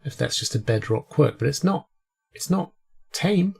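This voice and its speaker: A man's voice: fairly high pitch, lively intonation, normal speed, vocal fry, darkish tone, slightly rough. A man with a cold, chatting casually and rambling through his gameplay commentary as host. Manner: rambling, chatty, self-deprecating. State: sick with a cold. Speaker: let's play host.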